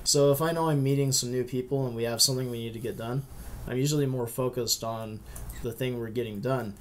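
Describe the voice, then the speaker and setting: A man's voice: medium pitch, fairly even intonation, fairly quick, slight background noise. Thoughtful male podcast co-host. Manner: thoughtful, explains at length. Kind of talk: casual chat.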